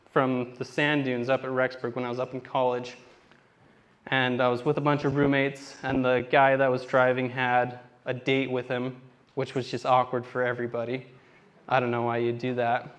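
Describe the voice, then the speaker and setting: A man's voice: medium pitch, flat delivery, normal speed. Rambling self-deprecating stand-up comedian man. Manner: rambling self-deprecating storytelling with acted-out quotes. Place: theater stage.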